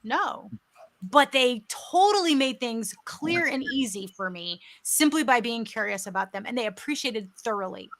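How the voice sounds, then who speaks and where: An effusive woman hosting an online interview, her voice bright and ringing. She pitches a little high and tells her stories with eager energy. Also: animated, moderate pace. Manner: upbeat, effusive, storytelling. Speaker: host. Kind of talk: virtual interview chat.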